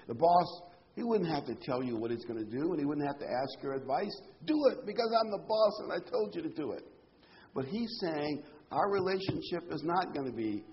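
Conversational man preaching a sermon. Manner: conversational, animated, pitch jumping up for quoted speech. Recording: dull lo-fi sound with faint noise.

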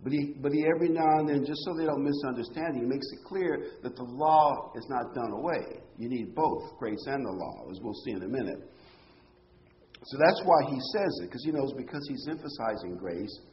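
Animated male Bible teacher. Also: medium pitch, highs cut off, slight background noise. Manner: explanatory, animated, punches key phrases, rhetorical questions. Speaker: preacher.

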